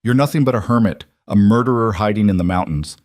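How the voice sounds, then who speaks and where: A man's voice: lowish voice, a little mellow, no echo, clean studio sound, natural voice. A man voicing a panicking corrupt mayor. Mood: panicked. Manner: rushed, rising with panic.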